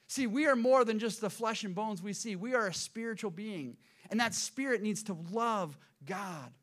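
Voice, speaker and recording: A man preaching a sermon as pastor, swinging between loud emphatic lines and hushed low ones. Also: normal speed.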